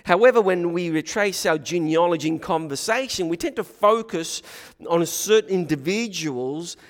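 Man, sermon, stumbling restarts, slightly high voice, long hall reverb. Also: lively intonation, moderate pace. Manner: hesitant, frequent restarts. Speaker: preacher.

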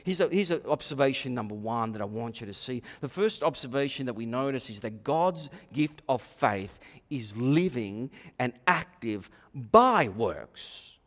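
A man preaching a sermon, animated, repeating himself and acting out quoted voices. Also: mid-range voice, moderate pace, few pauses. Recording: long hall reverb.

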